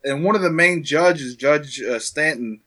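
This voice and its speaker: A man's voice: a little high, unhurried, pushed and bright. A man co-hosting a casual history podcast, explaining events in an earnest way.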